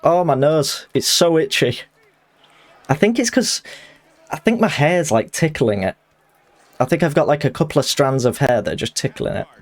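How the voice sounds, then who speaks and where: Excitable man streaming a game. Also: a little high, moderate pace, long pauses. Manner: excitable, chatty, jokey. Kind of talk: live gaming commentary.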